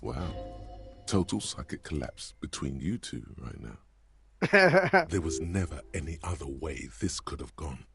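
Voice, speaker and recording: A man voicing a sardonic, all-knowing inner-voice narrator in a game, with a gravelly voice and a slow, wry, knowing manner. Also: a bass voice, big pitch swings, full character voice. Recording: faint game music behind.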